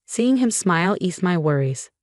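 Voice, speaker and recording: A woman reading a first-person family drama in an even, steady storytelling voice. Her voice sits a little low, and the recording is close and completely dry. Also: normal speed, no room sound. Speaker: narrator.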